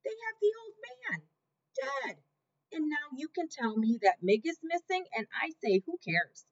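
A shrill servant woman snaps and scoffs in a storybook reading, her voice swinging high and lively, put on by a woman narrator. She sounds harsh and dismissive. The audio is muffled and lo-fi. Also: measured pace. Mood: scornful. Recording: dull lo-fi audio.

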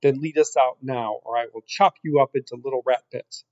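A man voicing a dim, tearful young serving girl who talks in a rough, plaintive whine. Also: medium pitch, steady tone, brisk, a little mellow, no echo, lightly acted. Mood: defiant. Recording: dull lo-fi recording.

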